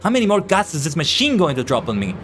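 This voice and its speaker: A man streaming a game, chatting casually and excitably, joking and swearing freely as he plays. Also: a little high, quick pace. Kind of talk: casual gaming commentary.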